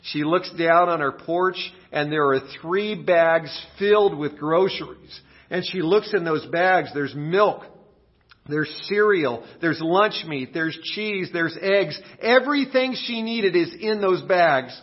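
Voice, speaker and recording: A man's voice: a little high, lively intonation, slow, muffled recording. A male pastor getting over a cold, preaching a sermon and telling a story with big acted-out exclamations.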